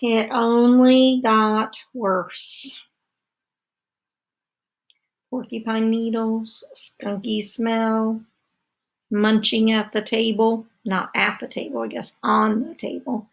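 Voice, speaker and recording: A woman teacher reading a picture book aloud to children, slow and expressive, with asides to her listeners. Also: fairly high pitch, creaky.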